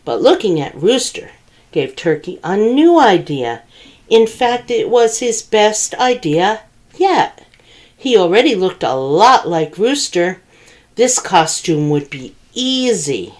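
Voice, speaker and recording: A woman's voice: medium pitch, slow pace. A woman librarian reading picture books aloud at a children's storytime, asking the children questions. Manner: animated, asks children questions.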